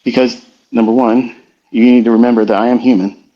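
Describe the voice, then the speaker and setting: A middle-aged man giving a reflective, confessional motivational talk as a trading educator in a live audio room, slow and halting. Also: mid-range voice, level tone. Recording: slightly muffled online audio stream.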